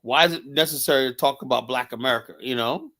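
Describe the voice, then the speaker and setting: A man's voice: medium pitch, fast talker, a bit bright. A man arguing his point heatedly in a casual stream discussion, constantly tagging on rhetorical questions. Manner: heated, argumentative, keeps asking "you know?". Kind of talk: casual live-stream debate.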